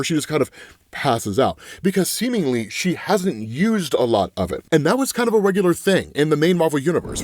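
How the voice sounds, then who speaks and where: A man chatting casually as a comics explainer, retelling a story and often tagging lines with a quick "right?". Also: on the high side, darkish tone. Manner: chatty, keeps asking "right?". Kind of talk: casual video commentary.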